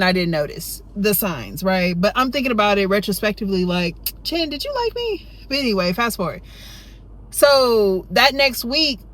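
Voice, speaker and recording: A storytime vlogger tells her tale in a chatty, wandering way, sprinkling in lots of "you know" and "right?" as she goes. Whenever she plays her younger self, her voice leaps up high and gets loud.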